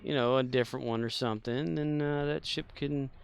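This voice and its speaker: A man's voice: mid-range voice, steady tone, a little fast, gravelly, smooth. A man streaming a space game, chatting casually in a rambling, joking way full of fillers. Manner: rambling, jokey, filler-heavy. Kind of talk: casual gameplay commentary.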